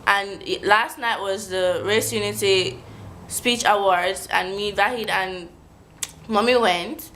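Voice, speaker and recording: A woman's voice: medium pitch, steady tone, slow, fairly bright tone, a little hiss or hum, poor audio. A teenage girl vlogging in a chatty, enthusiastic way, close to the camera. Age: teens. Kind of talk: casual vlog talk.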